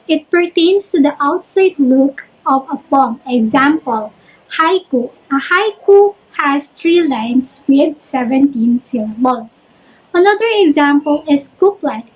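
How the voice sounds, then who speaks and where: A woman's voice: high voice, darkish tone, low-quality recording. A young woman teacher giving an online lecture, explaining step by step with examples.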